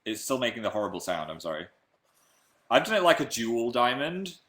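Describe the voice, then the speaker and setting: A man's voice: mid-range voice, sing-song, brisk, fairly bright tone. A young man from England hosting a casual live stream, chatting playfully and reading out viewer comments.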